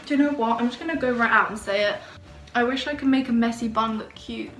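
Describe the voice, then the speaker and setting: Her voice is fairly high, a bit bright, and quick-paced. In a casual bedroom vlog, the young woman gushes bubbily to the camera, and the home recording sounds roomy with faint noise.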